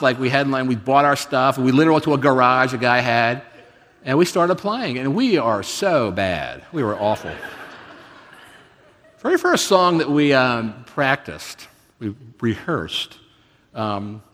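A guest preacher in his fifties delivers a sermon through conversational storytelling and self-deprecating humor. His medium-pitched voice is a bit bright, and the recording echoes with a reverberant hall.

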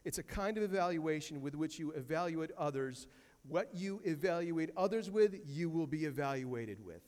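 A man's voice: a little high, lively intonation, moderate pace, darkish tone, long reverb tail. A man preaching a sermon as pastor, emphatic, repeating key phrases and quoting scripture from a church sanctuary.

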